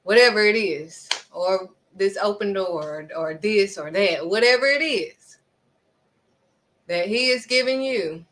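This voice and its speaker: A woman's voice: medium pitch, a little slow, fairly bright tone. A woman speaking earnestly and conversationally, giving spiritual encouragement with dramatic little asides. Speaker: faith vlogger.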